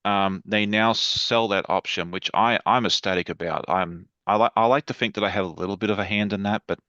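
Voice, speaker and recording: A man's voice: lowish voice, steady tone, brisk, bright, forceful tone, dry recording, muffled recording. A man chatting as a guest on a livestream over a video call, enthusiastic and rambling. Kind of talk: casual livestream chat.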